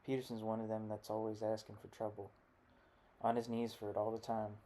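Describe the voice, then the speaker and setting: A man reading the part of a rough, bitter rural father, with gruff, blunt folksy talk. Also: on the low side, completely flat delivery, fairly quick, dark tone, a little hiss or hum, lightly acted. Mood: grudging.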